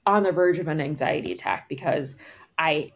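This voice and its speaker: A woman co-host tells a story in casual podcast chat, her voice sitting a little low. She acts out both sides of the exchange and scatters "like" through her sentences. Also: sing-song, normal speed, gravelly. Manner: frequent "like" fillers.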